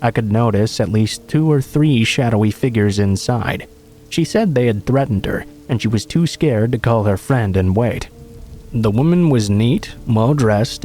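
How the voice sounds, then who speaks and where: A man reading a true scary story aloud in measured, dramatic narration. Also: mid-range voice, warm tone.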